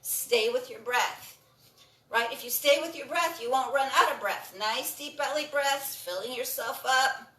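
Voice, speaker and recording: Woman instructor talking people thru breathing stretches, kinda high voice, echoey room, mic a ways off. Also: measured pace, far from the mic. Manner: calm, encouraging, repeats cues. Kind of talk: guided exercise instruction. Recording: roomy sound from off the mic.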